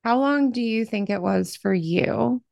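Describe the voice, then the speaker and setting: A middle-aged woman from Southern Ohio hosting a podcast, talking in an effusive, expressive way. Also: a little high, a little slow, vocal fry, dry recording, studio quality. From Southern Ohio, Appalachia. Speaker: podcast host. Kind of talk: conversational interview.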